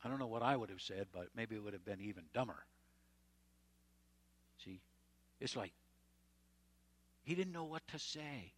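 Folksy male preacher, mid-pitched. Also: very animated, moderate pace, long pauses, slightly rough. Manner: conversational, folksy retelling with asides. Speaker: pastor. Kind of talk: sermon.

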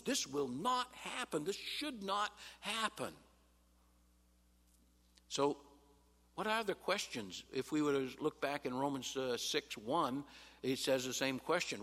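A pastor giving a Bible sermon in an emphatic teaching manner, pausing on "uh" and rising sharply on quoted replies. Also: male voice, fairly high pitch, creaky, fairly bright tone, husky. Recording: long hall reverb.

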